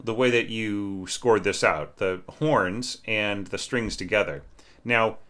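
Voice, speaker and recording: A man teaching orchestration, talking through a student's score in a relaxed, conversational way, often asking "right?" and singing phrases on syllables. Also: on the low side, slow. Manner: conversational, keeps checking with "right?", sings phrases as "da, da" and "bum, bum". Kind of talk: informal music lesson.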